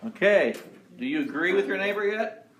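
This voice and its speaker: A man's voice: sits high, lively intonation, moderate pace, fairly bright tone. A man teaching a college chemistry class, upbeat and quizzing his students, with frequent restarts. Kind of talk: classroom lecture. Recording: roomy classroom sound, faint noise.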